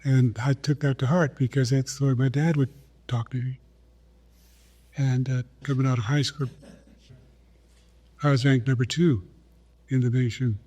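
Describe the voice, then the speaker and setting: A man's voice: medium pitch, steady tone, warm tone, slightly rough. A man in his eighties from South Dakota, a guest telling his life story at an easy pace and acting out remembered conversations. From South Dakota, USA. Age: 80s. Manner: unhurried, acts out remembered dialogue. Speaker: guest, retired Olympic runner.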